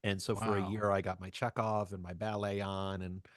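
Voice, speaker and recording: A man's voice: low voice, flat delivery, moderate pace, no room sound, studio quality. A man from New Jersey, a voice actor guesting on a podcast, telling his story in a chatty, jokey, self-deprecating way. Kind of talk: casual storytelling interview.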